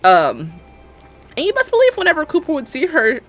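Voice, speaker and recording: A woman's voice: sits high, huge pitch swings, normal speed, fairly bright tone, faint music behind. A woman streamer chatting casually while building in a game, rambling, joking and laughing often.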